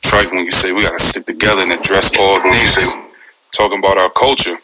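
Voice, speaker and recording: A man's voice: deep voice, level tone, brisk, background noise. A man calling into an audio room, hesitant with many "um"s, yet agreeing firmly with the speaker before him. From Connecticut. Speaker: caller. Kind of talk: call-in room comment.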